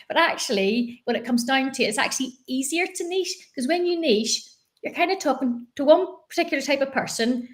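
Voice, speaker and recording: A woman from Northern Ireland with a Northern Irish accent, a business coach talking in a chatty, animated way as an interview guest. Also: high voice, fairly quick. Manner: chatty, animated, many fillers and restarts. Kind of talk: conversational interview.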